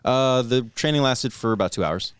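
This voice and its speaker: A man's voice: mid-range voice, animated, normal speed, clear, resonant tone. A man in his thirties, a stand-up comedian co-hosting a podcast, chatting casually with lots of laughs and fillers. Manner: laughs often, rambling with fillers.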